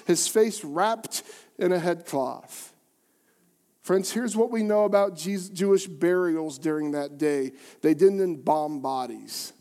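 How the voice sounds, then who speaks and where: A man preaching as pastor tells a story dramatically in a high-sitting voice, posing rhetorical questions and swinging between quiet and loud.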